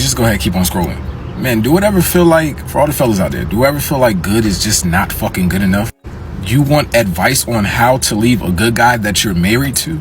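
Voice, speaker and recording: A man angrily scolds in a response clip, blunt and full of swearing. His voice sits at an ordinary pitch, with faint noise behind it. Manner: angry, blunt, heavy swearing. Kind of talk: response video.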